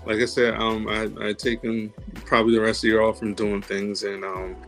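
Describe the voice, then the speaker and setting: A man's voice: on the low side, little pitch movement, brisk, fairly bright tone, faint music behind. A man appearing as a podcast guest, an actor and singer who talks in a casual, laid-back and earnest way. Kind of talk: casual chat.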